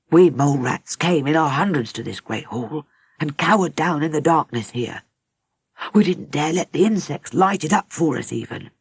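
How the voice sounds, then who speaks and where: A woman's voice: low voice, creaky, breathy edge, no echo, studio quality, heavily acted. Woman doing a sad old mole rat guard. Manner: heavy, sad storytelling. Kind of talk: audiobook character reading.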